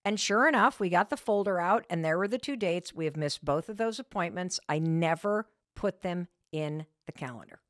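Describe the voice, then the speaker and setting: Woman podcast host, motivational talk, candid storyteller, very expressive pitch. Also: normal speed, hardly any pauses, no room sound, clean studio sound. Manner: animated storytelling with frank candor.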